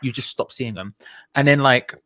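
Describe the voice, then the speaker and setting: A man's voice: mid-range voice, moderate pace, dry recording. A young man, casually telling a long story with lots of swearing and acted-out voices. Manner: animated, swears often, acts out voices in his stories.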